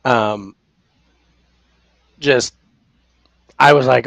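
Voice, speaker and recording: Animated high-voiced man telling a story. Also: moderate pace, no room sound. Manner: animated storyteller, acts out his own reactions loudly. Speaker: podcast co-host. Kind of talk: casual paranormal podcast chat.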